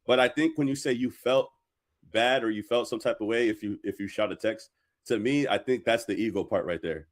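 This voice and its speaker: A man hosting a reaction channel, talking in a measured way as he lays out his view. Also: fairly low pitch. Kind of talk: casual commentary.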